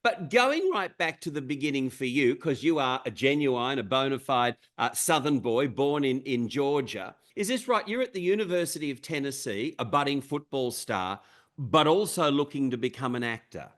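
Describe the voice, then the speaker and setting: A man's voice: medium pitch, expressive, normal speed, a bit bright. A male interviewer who asks leading questions with enthusiasm.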